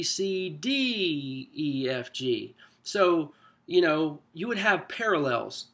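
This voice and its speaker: A man with a slightly high voice talks group leaders through a handout in a relaxed, chatty way. He teaches conversationally, stumbling and restarting now and then but keeping a lively stress on his points. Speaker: church small group coach. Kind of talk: casual coaching talk.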